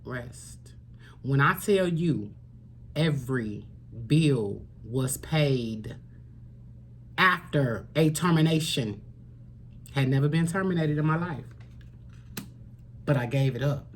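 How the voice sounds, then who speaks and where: Speaking to camera as a tarot reader, this woman delivers a spiritual reading in an earnest, sermon-like way, driving points home through repetition and occasionally hushing to almost a whisper. She sits low in pitch with lively intonation, moving at a slow pace and pausing often. A faint hiss or hum runs underneath.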